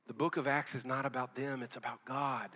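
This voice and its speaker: Pastor guy preaching, fired up but chatty, bright sharp voice, big hall echo. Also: mid-range voice, level tone, a little fast. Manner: fervent, conversational preaching with slang. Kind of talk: sermon.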